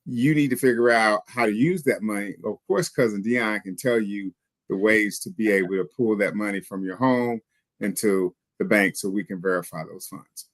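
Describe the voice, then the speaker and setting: A mortgage lender explaining pre-approvals in a confident, joking manner. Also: male voice, fairly low pitch, moderate pace, dry recording. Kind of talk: casual explanatory talk.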